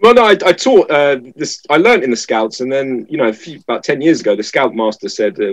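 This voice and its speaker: A man's voice: medium pitch, fairly quick, few pauses, no echo, poor audio. A British man in his thirties, a guest telling anecdotes in casual chat. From Britain. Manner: lively anecdotal storytelling. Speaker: guest, fencer.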